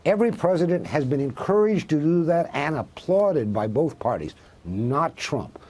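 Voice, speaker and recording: Husky, emphatic male professor. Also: on the high side, very animated, normal speed, a little mellow. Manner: emphatic, rhetorical questions. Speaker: professor, interview guest. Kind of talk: cable news interview.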